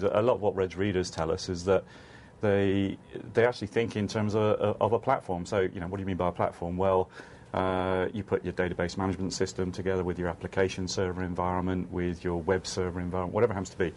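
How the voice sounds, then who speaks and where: A man's voice: deep voice, a little mellow, slight background noise. A man speaking as an analyst on a panel, hesitant with frequent restarts. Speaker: analyst guest. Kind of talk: panel discussion.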